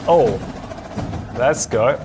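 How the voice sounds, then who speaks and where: A man in his twenties hosts a casual reaction video from a home studio, chatty and excitable, laughing often. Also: medium pitch, very slow, music in the background. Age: 20s. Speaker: host. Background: marching percussion show playing.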